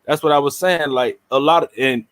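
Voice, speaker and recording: A man's voice: fairly high pitch, fairly quick, fairly bright tone. A man in a blunt, profane casual debate, talking emphatically.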